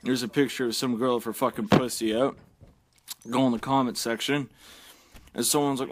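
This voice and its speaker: A man's voice: mid-range voice, fairly even intonation, normal speed, long pauses, noisy background. A man delivering a blunt, heavily profane, exasperated rant as a vlogger.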